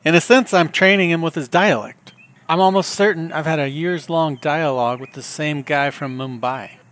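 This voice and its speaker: A middle-aged man hosting a podcast, telling comic stories in a wry, deadpan way. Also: fairly high pitch, moderate pace, slight background noise. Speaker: podcast host. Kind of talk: comedic storytelling monologue.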